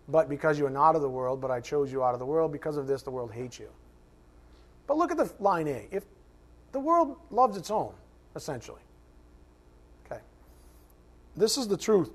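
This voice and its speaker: A man preaching a sermon as pastor, conversational and self-mocking, animated and joking, sometimes shouting. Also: a little high.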